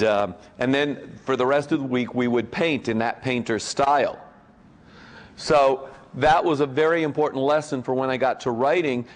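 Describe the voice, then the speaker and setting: A man of middling pitch speaks as a convention's guest of honor. He tells rambling, joking anecdotes to the audience and keeps breaking off with fillers and restarts.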